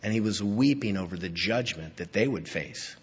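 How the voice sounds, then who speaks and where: A man preaches a heartfelt sermon in a husky voice, his pitch rising and falling widely as he moves between hushed and emphatic passages. The recording sounds dull and lo-fi, with a long reverb trailing off in a large hall. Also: lively intonation, moderate pace. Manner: emotional, swinging from hushed to emphatic. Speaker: pastor.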